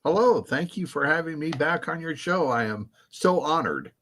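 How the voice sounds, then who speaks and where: A man's voice: on the high side, expressive, moderate pace, fairly bright tone. A man who is a guest author in an interview, answering politely and graciously.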